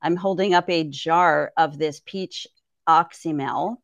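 Woman herbalist explaining in low dry voice. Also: slow, no echo, highs cut off. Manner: thoughtful, explanatory, frequent "right?". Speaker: herbalist guest. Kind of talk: conversational podcast interview.

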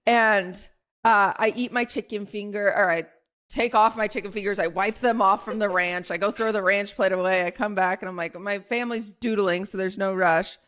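A young woman co-hosting a podcast, telling a story in a rambling, animated way full of "like". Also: medium pitch, normal speed, clean tone. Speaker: podcast co-host. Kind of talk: casual chat storytelling.

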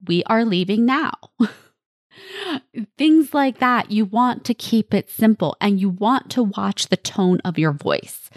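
A woman's voice: mid-range voice, darkish tone, no room sound, studio quality. A woman hosting a parenting podcast, giving direct and earnest coaching advice to other parents. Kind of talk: advice monologue.

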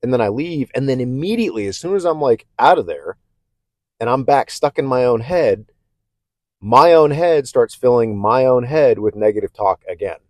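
Animated and moving at a moderate pace, a mid-range-voiced podcast host talks through a casual self-help monologue with candor and reflection. He stammers and restarts, conversationally checking in with "okay?", in clean studio audio without echo.

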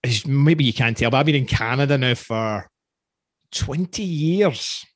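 A man's voice: mid-range voice, lively intonation, measured pace, no echo, studio quality. A man hosting a podcast, chatting casually and joking with his guest. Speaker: podcast host. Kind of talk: casual interview chat.

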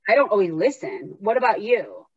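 A woman's voice: medium pitch, very animated, moderate pace, husky, no echo, lo-fi sound. A woman talking casually as a podcast host, telling stories and acting out the voices in her head. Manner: chatty storyteller, acts out inner voices. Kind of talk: casual conversation.

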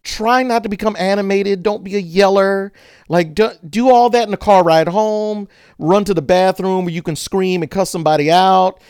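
A man hosting a casual chat about leadership and conflict. He is an animated storyteller who acts out quotes and laughs along the way. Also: high voice, moderate pace, clear, resonant tone, dry recording, studio quality.

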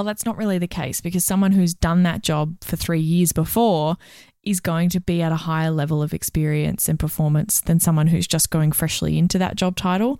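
A woman's voice: lowish voice, dark tone, no echo, clean studio sound. A woman co-hosting a career podcast, chatting casually and explaining things through step-by-step examples. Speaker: career coach co-host.

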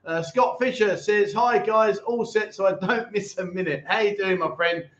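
A man's voice: high-pitched, moderate pace, a bit bright. A man hosting a casual livestream, chatting and joking with viewers as he reads their comments. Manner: chatty, jokey banter with viewers. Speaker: livestream host. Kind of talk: casual live chat reading comments. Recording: echoey room, dull lo-fi sound.

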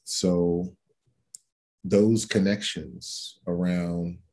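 A man who writes about food, speaking as an interview guest in a measured, earnest way. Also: sits low, level tone, darkish tone. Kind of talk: conversational interview.

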